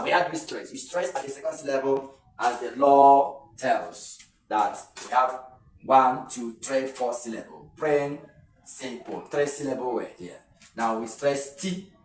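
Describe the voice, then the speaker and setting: A man's voice: medium pitch, echoey room, far from the mic, rough recording. A man with a Nigerian accent teaching an exam lesson, explaining step by step and repeating key points. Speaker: exam tutor. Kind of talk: video lesson.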